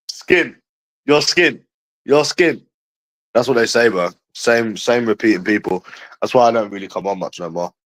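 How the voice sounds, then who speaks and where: A man's voice: fairly low pitch, lively intonation, normal speed, rough recording. A man in a profane, rambling livestream chat, calling his viewers bro and mate.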